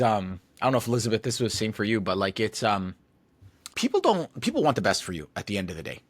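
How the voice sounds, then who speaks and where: A man's voice: fairly low pitch, sing-song, quick pace, dry recording. A man speaking as a podcast guest in a casual conversation, reflective and thoughtful, with frequent fillers and restarts.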